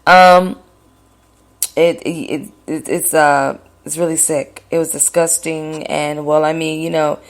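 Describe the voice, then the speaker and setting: A woman's voice: low-pitched, flat delivery, takes it slowly. A woman hosting her own podcast, telling a personal story in a rambling, hesitant way with many fillers and restarts. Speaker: podcast host.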